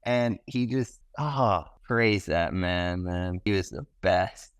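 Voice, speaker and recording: A man's voice: low voice, takes it slowly, smooth, no echo. A young man from Canada, a podcast guest, telling stories in an enthusiastic, slangy way and acting out what people said. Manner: enthusiastic, animated, slangy, acts out quotes. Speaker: podcast guest, pro snowboarder. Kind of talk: casual podcast storytelling.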